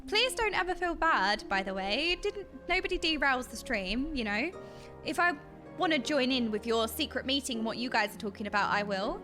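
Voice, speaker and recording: A British woman streaming and chatting casually with her viewers, bubbly and excitable, with a slightly dry throat, talking into a desk mic. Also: sits high, normal speed, music in the background. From Britain. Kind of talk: casual chat with live stream chat.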